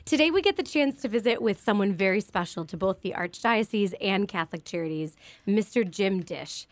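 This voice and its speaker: A woman hosting a charity radio show, upbeat and quick to laugh as she introduces and questions a guest. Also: medium pitch, animated, no echo. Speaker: radio host.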